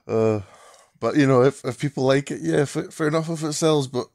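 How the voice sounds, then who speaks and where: A man's voice: a little high, fairly even intonation, quick pace, vocal fry, darkish tone, no echo, studio quality. A man in a casual rant to camera, mocking and swearing a lot, laughing through his words. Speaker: vlogger.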